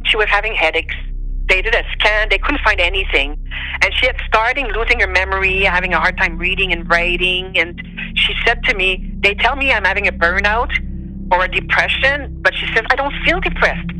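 A woman's voice: mid-range voice, brisk, soft background music, low-quality recording. Emotional Quebec French-accented woman storyteller. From Montreal, Canada. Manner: emotional, animated, voice rising on quoted speech. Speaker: storyteller guest. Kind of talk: personal storytelling.

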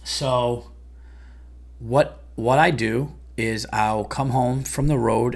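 A comedian and podcast host ranting in a heated, profane, exasperated monologue about his day. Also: medium pitch.

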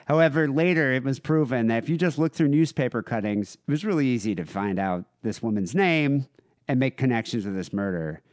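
A man's voice: mid-range voice, lively intonation, brisk, darkish tone, no room sound, clean studio sound. A man co-hosting a podcast, telling a true-crime story conversationally with many fillers. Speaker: podcast co-host.

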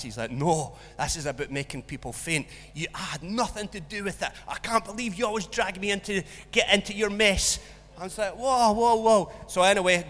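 A man preaching a sermon, telling a school story with acted-out voices. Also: fairly high pitch. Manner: storytelling, animated, acts out voices in anecdotes. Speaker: pastor. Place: church hall. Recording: long church hall reverb.

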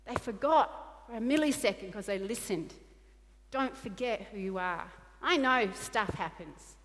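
A woman's voice: medium pitch, expressive, measured pace, long reverb tail. A woman pastor preaching a sermon in an earnest, repetitive way, often acting out quoted dialogue.

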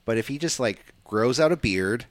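A man's voice: mid-range voice, normal speed, no echo. A man co-hosting a wrestling podcast, talking in a casual, rambling way with lots of fillers. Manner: animated, rambling, many fillers. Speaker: podcast co-host.

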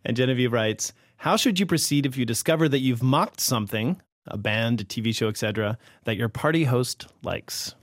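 A man's voice: mid-range voice, brisk, hardly any pauses, no echo, studio quality. A man co-hosting a radio show, upbeat and chatty, reading questions and promos.

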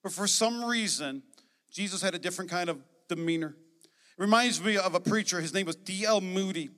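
Bright-voiced energetic preacher in a reverberant hall. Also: male voice, high-pitched, a little fast. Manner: energetic, emphatic preaching with joking asides. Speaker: pastor. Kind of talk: sermon. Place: church sanctuary.

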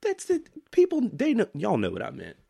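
Man from Maryland, casual podcast banter, swooping lively pitch, playful, laughs often. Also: normal speed, gravelly, breathy edge. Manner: animated, jokey, breaks into laughs, lively pitch. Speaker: podcast co-host.

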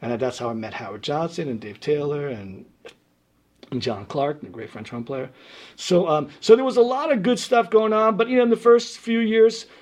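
Chatty, animated man from New York. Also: on the high side, moderate pace. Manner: animated, chatty, laughs often. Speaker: guest musician. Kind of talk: casual interview storytelling.

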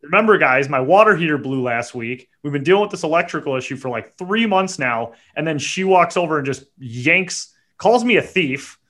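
A man, co-hosting a podcast and telling a story in a casual, animated, profane way. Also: fairly high pitch, moderate pace, hardly any pauses. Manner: animated, profane, builds to indignant outbursts. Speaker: podcast co-host.

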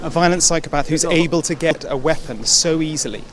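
A man's voice: fairly high pitch, fairly quick, slight background noise. A man reporting in an outdoor news interview, pressing his questions. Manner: persistent, pressing.

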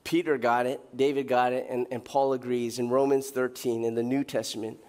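A male pastor delivering a sermon, retelling a Bible story with lively acted-out dialogue. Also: mid-range voice, fairly quick, big-room sound. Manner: animated storytelling, acting out characters' lines. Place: church sanctuary.

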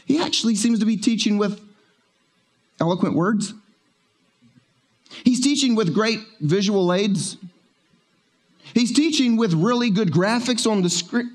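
High-voiced joking male pastor. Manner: conversational and joking, slowing down to stress key words. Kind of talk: sermon. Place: church sanctuary.

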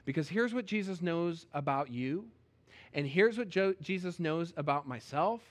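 A man's voice: fairly high pitch, animated, moderate pace. Conversational male pastor. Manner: storytelling, conversational, emphatic. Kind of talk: sermon.

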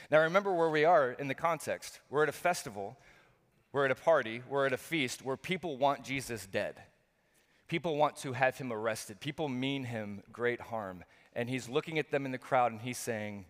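A man's voice: medium pitch, moderate pace, fairly bright tone. A middle-aged male pastor preaching a sermon, earnest and repetitive, full of rhetorical questions. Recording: long hall reverb.

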